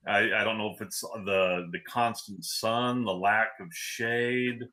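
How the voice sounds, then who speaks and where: A laid-back man co-hosting a live podcast. His voice is low, with a bright, forceful edge, and he chuckles easily as he talks. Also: fairly even intonation, takes it slowly. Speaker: podcast co-host. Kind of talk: casual chat.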